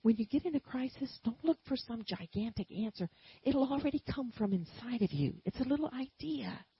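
A woman preaching a sermon and telling a personal story, swinging from quiet asides to loud emphatic bursts. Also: fairly high pitch, lively intonation, normal speed, husky, no echo, highs cut off.

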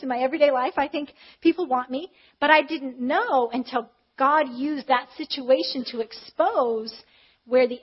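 Woman preacher, high bright voice, chatty storytelling sermon, slightly muffled audio. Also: slightly rough. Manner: candid, animated retelling with acted quotes.

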